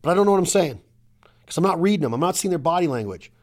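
A middle-aged man hosting a casual hunting podcast, talking in an energetic, emphatic, rambling way. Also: a little high, rapid-fire. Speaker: podcast host.

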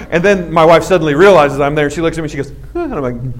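A man in his forties gives a storytelling sermon to young listeners. His voice sits a little high for a man, and he acts out each scene with comic self-mockery. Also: racing. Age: 40s. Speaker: youth speaker.

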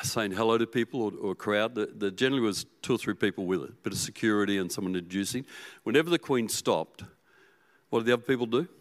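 A man preaching a sermon as pastor, telling the story with animation and swinging from loud to hushed. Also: lowish voice.

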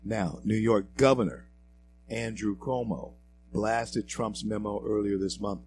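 Low voiced guy hosting his own political show, preachy, gets loud and punchy on key points. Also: fairly even intonation, a little slow, slight background noise, low-quality recording. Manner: preachy, rises to loud emphatic bursts; reads quotes aloud with fillers and restarts. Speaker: show host. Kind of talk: political commentary monologue.

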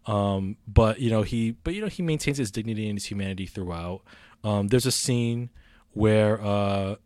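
A man's voice: on the low side, normal speed, a little mellow, dry recording. A man casually reviewing a film on a podcast, rambling with many fillers and restarts. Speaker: movie reviewer.

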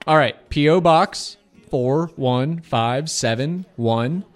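A man's voice: on the high side, slow, soft background music. A man co-hosting a community radio show, chatting playfully and speaking directly to listeners. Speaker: radio DJ co-host. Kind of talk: casual radio banter.

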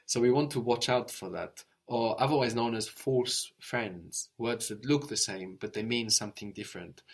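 A man's voice: medium pitch, moderate pace, hardly any pauses. A man teaching a language lesson, patiently explaining word roots and prompting his student with questions.

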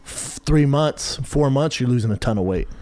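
Male podcast guest, mid pitch, loud and emphatic, dry close sound. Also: lively intonation, moderate pace, no echo. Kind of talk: casual chat.

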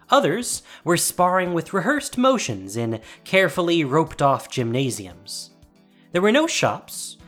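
Audiobook narrator: a woman with a low, expressive voice, varied pitch. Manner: expressive storytelling. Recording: faint music behind.

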